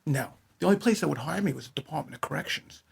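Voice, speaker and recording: Husky New York man telling rambling stories. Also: on the high side, animated, rapid-fire. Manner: rambling, restarts, says "man" a lot. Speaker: podcast guest. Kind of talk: casual storytelling chat.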